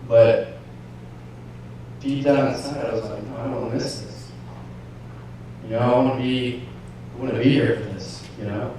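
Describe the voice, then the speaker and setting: A man's voice: mid-range voice, steady tone, normal speed, long pauses, noisy background. Man preaching in an echoey church. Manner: storytelling, acts out inner dialogue, swings from hushed to shouting. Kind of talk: sermon testimony. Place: large church hall. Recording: echoey church hall from far off.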